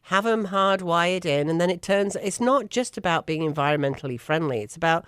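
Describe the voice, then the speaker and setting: A woman's voice: lowish voice, brisk, clean tone, no room sound, clean studio sound. A woman with an English accent, co-hosting a casual chat show and talking with emphatic enthusiasm. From England. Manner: chatty and emphatic, with frequent laughs. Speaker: co-host.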